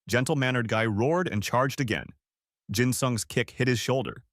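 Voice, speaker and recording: A man narrating a comic story recap in brisk, scripted storytelling on a close mic. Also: medium pitch, dry recording.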